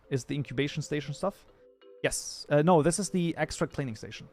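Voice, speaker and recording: A man streaming live, reading chat aloud and chatting casually while he works, thinking out loud and restarting his sentences. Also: fairly high pitch. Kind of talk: casual livestream chat while modding a game.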